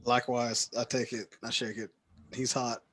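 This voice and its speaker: A man's voice: medium pitch, little pitch movement, normal speed, a crowd in the background. A man playing a tabletop game, joking and playful in casual chat. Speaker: player.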